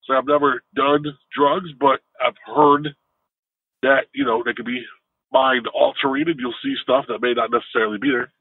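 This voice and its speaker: A man co-hosting a podcast, telling a story in an animated, casual way. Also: normal speed, creaky, slight background noise. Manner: animated, jumps into higher pitch when telling a story. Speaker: podcast co-host. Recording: tinny phone-like dry sound.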